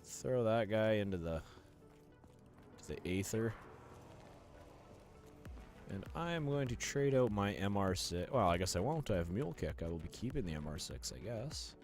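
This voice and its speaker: Low-voiced guy chatting through his gameplay, laid back and joking about himself, music playing behind. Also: moderate pace, pauses often. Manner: relaxed, self-deprecating play-by-play. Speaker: gaming commentator. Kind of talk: casual gameplay commentary.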